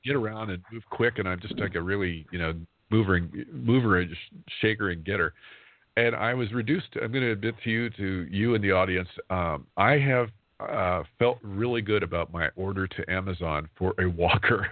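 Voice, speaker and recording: Speaking at normal speed in a low voice, this talk radio host in his fifties rambles through casual chat and laughs often. The sound is dry and phone-like, typical of internet radio, with no echo.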